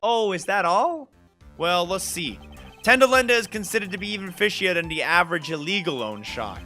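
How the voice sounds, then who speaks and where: A man voicing a gruff, streetwise male police detective who talks bluntly in a folksy way, read from a video game. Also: sits high, animated, moderate pace, bright, forceful tone, soft background music, voice pushed up. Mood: gruff warning. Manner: blunt, folksy, calls people pal.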